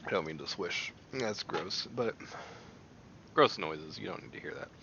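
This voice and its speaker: A man with a very bright, gravelly, low-pitched voice, talking in a rambling way and breaking into animated exclamations. It sounds like casual on-camera chat. The recording is dull and lo-fi, with a faint hiss under it. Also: unhurried. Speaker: video creator. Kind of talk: casual chat while taste-testing.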